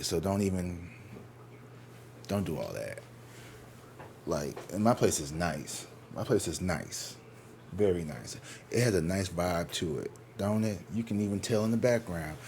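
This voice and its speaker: Lowish-voiced man, candid, profane tarot storyteller. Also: a little mellow, a little hiss or hum. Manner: candid and profane, rambling with many restarts; slips into exaggerated high mocking quoted voices. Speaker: tarot reader. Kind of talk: casual tarot reading with storytime. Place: his own living room.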